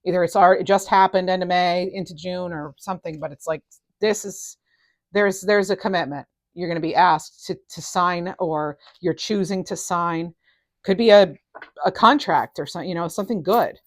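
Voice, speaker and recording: A middle-aged woman giving a casual tarot reading, enthusiastic and animated, her voice rising and falling in loudness. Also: fairly low pitch, normal speed, dry recording, clean studio sound. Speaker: tarot reader.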